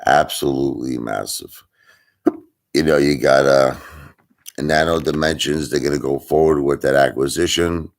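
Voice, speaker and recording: A man's voice: a bass voice, steady tone, normal speed. A man hosting a casual live stream, rambling and answering chat while he has the hiccups.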